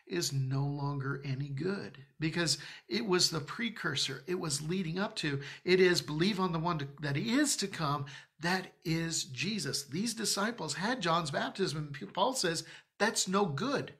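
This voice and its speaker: A man's voice: a little high, animated, a little slow, a bit bright. A man preaching in a church, teaching from the Bible in a conversational, emphatic way with joking asides. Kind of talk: Bible-study sermon.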